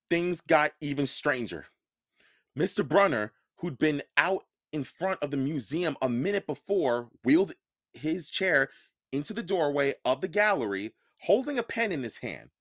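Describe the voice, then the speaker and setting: Podcast audiobook reader, male, lively storytelling, dry close mic. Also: a little high, unhurried, dry recording. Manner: expressive storytelling. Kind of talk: first-person audiobook narration.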